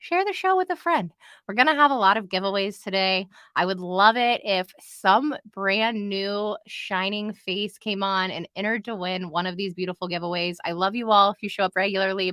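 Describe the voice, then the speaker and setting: A woman's voice: mid-range voice, sharp tone, dry recording. A woman hosting a live stream from home, chatty and upbeat, calling the viewers y'all. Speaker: host of a live show. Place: home in Florida.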